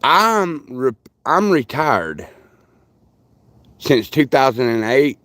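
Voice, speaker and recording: Older guy on a livestream, slow easy talk, folksy rambling, dry close sound. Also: medium pitch, big pitch swings, a bit bright, no room sound. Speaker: livestream host. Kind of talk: casual live chat with viewers.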